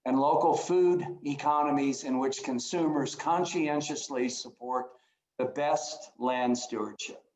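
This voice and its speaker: A man's voice: medium pitch, roomy sound, low-quality recording. A man giving a conference talk over a video call, earnest and at times emotional, often restarting phrases. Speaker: conference speaker.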